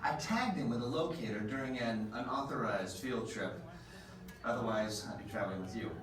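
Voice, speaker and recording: A man's voice: animated, lightly acted. An actor playing a reckless male scientist briefing riders in a breezy, overconfident way. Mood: eager. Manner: fast, breezy, overconfident pitch. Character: reckless, eager male time-travel scientist. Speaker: ride pre-show scientist. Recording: very echoey space from far off, ride noise.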